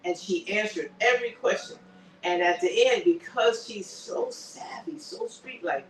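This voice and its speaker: A man with a notably high voice hosts a casual recap of a TV episode, talking in an animated way. He acts out bits of dialogue as he retells the scenes. He is recorded in an echoey room, some way back from the mic. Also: a little slow, recorded from a distance, slight background noise. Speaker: show host.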